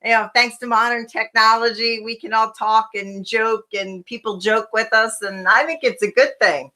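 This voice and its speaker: Female podcast co-host, chatty and rambling, bright tone. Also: on the high side, fairly even intonation, moderate pace. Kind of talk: casual podcast chat.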